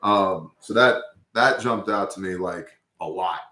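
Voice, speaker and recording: Host, male, lowish voice, casual and profane storyteller, roomy echo. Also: measured pace, pushed and bright. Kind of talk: casual scripture discussion.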